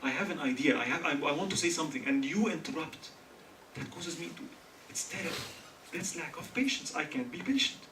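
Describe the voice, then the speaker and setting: A man's voice: on the high side, animated, a little fast. A man from Egypt giving a humorous religious talk to a live audience, joking and quizzing listeners with questions. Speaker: speaker at a student religious gathering. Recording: echoey hall, mic far off, faint hiss.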